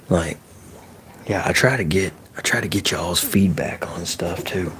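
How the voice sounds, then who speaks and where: Male ASMR streamer, very low voice, soft-spoken and close to the mic, easygoing live chat. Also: measured pace, slight background noise. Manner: soft-spoken, drifting into whispers, loose and profane.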